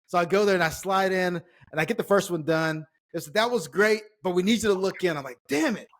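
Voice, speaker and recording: A man, a former pro baseball player, telling stories as a podcast guest, animated and acting out quoted lines. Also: high-pitched, fast. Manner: animated storyteller, acts out quotes, swears casually. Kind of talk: casual storytelling chat.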